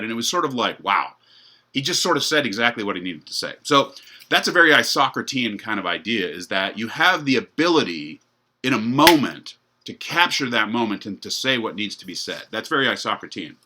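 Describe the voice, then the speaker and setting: A man's voice: medium pitch, very animated, moderate pace, pushed and bright. A middle-aged man giving a university lecture in a loose, conversational way, full of fillers and restarts. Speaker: professor.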